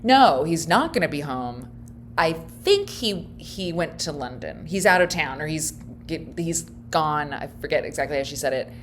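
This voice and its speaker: A woman giving casual, wry commentary as she reacts to a video clip, laughing often and thinking out loud. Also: low-pitched, lively intonation, moderate pace, a little hiss or hum.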